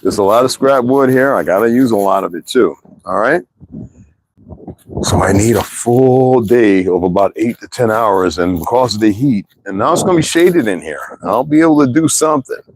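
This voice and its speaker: A man's voice: fairly low pitch, animated, moderate pace, slight background noise, rough recording. A man in his sixties hosting a casual livestream, rambling and chatting directly to his viewers with frequent laughs. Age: 60s. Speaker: livestream host.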